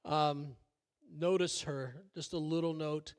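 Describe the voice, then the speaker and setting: A man's voice: a little high, fairly even intonation, takes it slowly, smooth. Older male pastor, folksy and rambling. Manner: folksy, conversational with frequent fillers and self-deprecating asides. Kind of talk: sermon. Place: church sanctuary.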